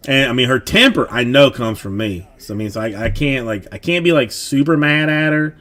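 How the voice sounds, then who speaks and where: A man's voice: medium pitch, a little fast, a bit bright. Rambling, filler-heavy man. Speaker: streamer, father of a young daughter. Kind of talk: casual livestream chat.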